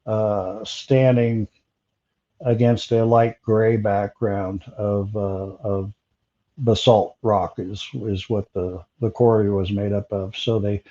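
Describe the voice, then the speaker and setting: Guy telling his story slow and halting, lots of uhs, kinda muffled sound. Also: fairly low pitch, little pitch movement, warm tone. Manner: halting, many fillers and restarts. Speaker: interview guest. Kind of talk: recounting a personal encounter.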